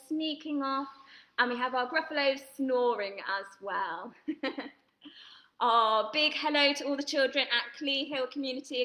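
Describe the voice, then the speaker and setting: A woman leading an online drama workshop, reading a picture book aloud to children in a lively, encouraging way. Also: high-pitched. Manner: lively, animated, giggly, encouraging. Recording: roomy echo.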